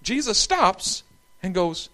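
A man preaching a sermon, telling the story in an animated, humorous way. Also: high-pitched, slow.

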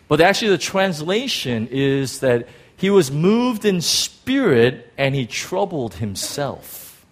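A man preaching a sermon in an animated, rambling way, with self-deprecating asides, speaking to a church congregation. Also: a little high, slow. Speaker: pastor.

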